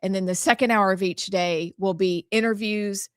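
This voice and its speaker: A woman's voice: medium pitch, steady tone, normal speed, smooth, no echo. Upbeat woman co-hosting a talk show. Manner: upbeat, explains the show's schedule. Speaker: co-host. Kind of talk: casual talk-show chat.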